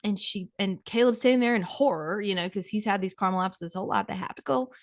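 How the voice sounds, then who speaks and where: Gossipy woman podcast host, gravelly voice. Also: mid-range voice, quick pace, no room sound, studio quality. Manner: gossipy, dramatic, talks to her co-host. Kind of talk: comedic storytelling monologue.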